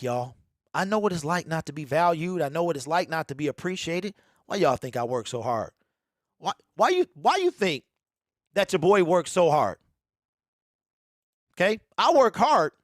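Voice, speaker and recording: A man's voice: sits high, dry recording, studio quality. A man hosting a sports talk show, talking emphatically and repeating his points over and over. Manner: emphatic, repeats lines, mocking quoted voices. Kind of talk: animated sports talk monologue.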